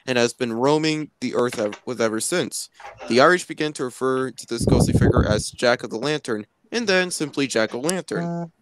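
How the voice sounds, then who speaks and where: A man co-hosting a live stream who chats casually and reads passages aloud haltingly, with restarts. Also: medium pitch, a little hiss or hum. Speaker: stream co-host. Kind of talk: casual chat and reading aloud.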